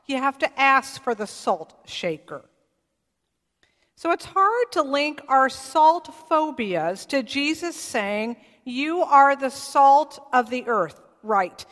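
Woman pastor, high voice, slow deliberate sermon delivery, echoing sanctuary. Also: fairly bright tone. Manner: measured preaching with emphatic repetition. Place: church sanctuary.

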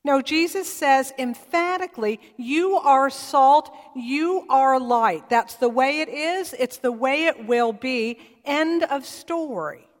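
Slow high-voiced woman preaching in a hall. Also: fairly bright tone. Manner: measured preaching with emphatic repetition. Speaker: pastor. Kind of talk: sermon. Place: church sanctuary.

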